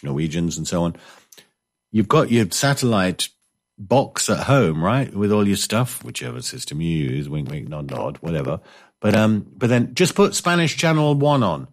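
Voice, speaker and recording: A man hosting a casual chat show, telling rambling stories with jokey, self-mocking asides and reading out listener messages. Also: on the low side. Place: indoors, living in coastal Spain.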